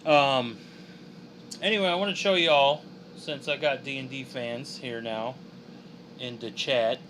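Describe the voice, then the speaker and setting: A man's voice: mid-range voice, unhurried, a bit bright, slight background noise. A young man chatting casually on a drawing livestream, joking and reading chat aloud. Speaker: streaming artist.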